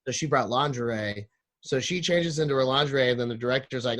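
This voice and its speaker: A man's voice: medium pitch, quick pace. Foul-mouthed man telling a comic story. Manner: animated, acts out other people's lines, swears a lot. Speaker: podcast guest.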